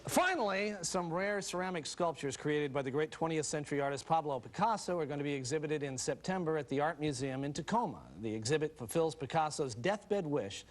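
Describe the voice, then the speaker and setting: High-voiced deadpan mock-news anchor. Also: male voice, fairly quick, hardly any pauses. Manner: dry, straight-faced delivery of joke headlines. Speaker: news anchor of a comedy news segment. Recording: noisy TV broadcast, studio audience.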